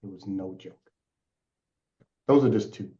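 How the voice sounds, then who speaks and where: Deep-toned man giving earnest testimony. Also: a little slow, dark tone. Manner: earnest, emotional, repeats phrases for weight. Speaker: guest, national speaker. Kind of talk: personal testimony. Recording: echoey, dull lo-fi sound.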